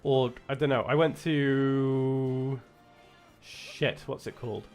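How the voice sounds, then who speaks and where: A man's voice: medium pitch, fairly even intonation, slow pace, a little mellow, faint music behind. A young man with a British accent chatting casually while streaming a game, rambling with lots of restarts and self-corrections. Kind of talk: casual chat while gaming.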